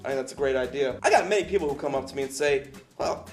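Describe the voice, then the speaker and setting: A young man co-hosting a casual podcast, telling animated stories and putting on voices for the people in them. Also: very fast, soft background music. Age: young adult. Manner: animated storyteller, acting out people in high voices. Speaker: podcast co-host. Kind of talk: casual chat. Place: vape shop area in Florida.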